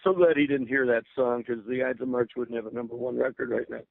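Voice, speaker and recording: Gravelly older man telling stories on the phone. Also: medium pitch, fairly even intonation, fast, no room sound. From Berwyn, Illinois, USA. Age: 60s. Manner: eager storyteller, restarts words, laughs often. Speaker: guest musician. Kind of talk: radio interview storytelling. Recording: narrow phone-line radio sound.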